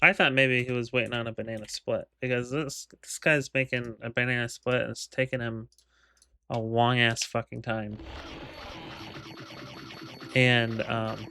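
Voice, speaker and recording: A man's voice: mid-range voice, steady tone, unhurried, long pauses, sharp tone, a little hiss or hum. A man casually telling a rambling, profane story, full of ums, laughs and quoted lines. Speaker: gaming video creator. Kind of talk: casual storytelling over gameplay.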